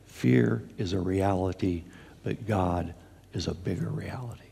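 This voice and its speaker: A man's voice: sits low, a little slow, gravelly, dark tone, a little hiss or hum. A man preaching a sermon as pastor, earnest, with fillers and restarts, speaking in a church sanctuary. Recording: long hall reverb.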